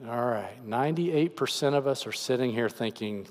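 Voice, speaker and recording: A man's voice: medium pitch, normal speed, few pauses, long reverb tail. A man preaching as pastor, earnestly explaining scripture in a conversational voice. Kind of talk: sermon. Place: church sanctuary.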